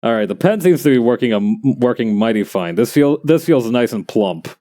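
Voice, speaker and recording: A man's voice: mid-range voice, animated, normal speed, mellow. A man streaming as he makes a plush, rambling and joking and often laughing. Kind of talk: casual chat while crafting.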